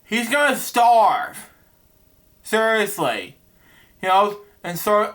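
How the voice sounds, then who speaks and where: A man reads a children's book aloud for a bedtime story show. He keeps stopping for rambling commentary and stitches it back together with "anyway". His voice is high and bright. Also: very animated, takes it slowly, pauses often. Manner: rambling asides, repeated "anyway". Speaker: host reading a children's book. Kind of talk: casual storybook reading with commentary.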